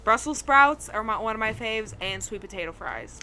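A woman co-hosting a podcast in casual chat, telling stories with animated swings and quick "right"s of agreement. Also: on the high side, a crowd in the background. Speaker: podcast co-host.

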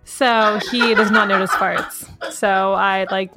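A woman co-hosting a podcast, joking around in relaxed casual chat with friends. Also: mid-range voice, takes it slowly, heavy background noise. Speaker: podcast co-host.

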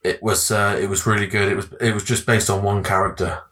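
Sweary rambling man, bright voice. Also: fairly low pitch, flat delivery, brisk. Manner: rambling, forgetful, sweary, laughs a lot. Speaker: podcast co-host. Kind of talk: casual chat.

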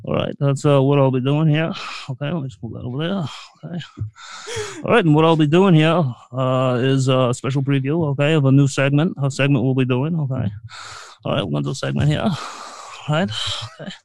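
A man's voice: medium pitch, brisk, vocal fry, darkish tone, dry recording, natural voice, low-quality recording. A man playing a fumbling late-night talk show host who halts and tacks "okay" onto nearly every phrase. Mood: rambling. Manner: breaks into off-key song snippets. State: short of breath. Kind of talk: comedy bit.

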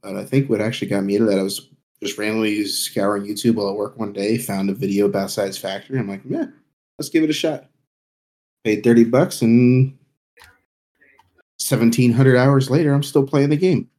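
A man's voice: on the low side, steady tone, a little fast, dark tone. A man talking plainly as a guest on a casual streaming podcast.

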